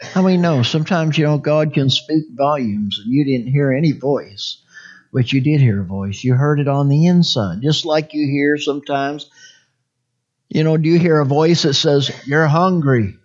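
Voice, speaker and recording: A man's voice: fairly high pitch, moderate pace, darkish tone, muffled recording. A man preaching a conversational sermon, rambling and folksy, often asking the congregation for an amen.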